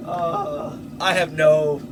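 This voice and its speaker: Man, swordsmith workshop vlog, foul-mouthed and jokey, unhurried, background noise. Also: on the high side. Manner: joking, exclaims often, swears a lot.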